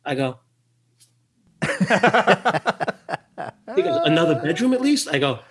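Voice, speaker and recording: A man's voice: fairly high pitch, big pitch swings, a little slow, crowd noise. A middle-aged man tells a story as a podcast guest, with a slightly raised voice. He acts out other people's lines as he goes and laughs often, then turns earnest at the close. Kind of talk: storytelling interview.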